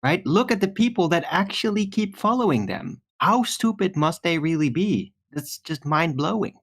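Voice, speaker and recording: A man's voice: high voice, sing-song, moderate pace. A man on a casual online voice-call panel who muses in philosophical asides.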